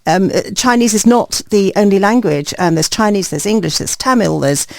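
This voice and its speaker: A woman's voice: medium pitch, normal speed, vocal fry, darkish tone, dry recording. Woman host, grew up in Singapore, stumbling repeats, dry close sound. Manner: hesitant, repeats words, enthusiastic. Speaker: radio host. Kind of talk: radio panel show chat.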